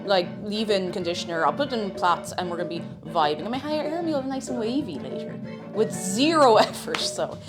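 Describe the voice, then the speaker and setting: A young woman chatting on a live cooking stream, bubbly and sing-song as she greets her chat from a home kitchen. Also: medium pitch. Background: faint background music.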